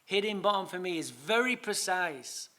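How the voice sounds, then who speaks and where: Swearing freely and playing it for laughs, a man from England shares his personal story at a recovery meeting. He speaks at normal speed, his voice sitting high.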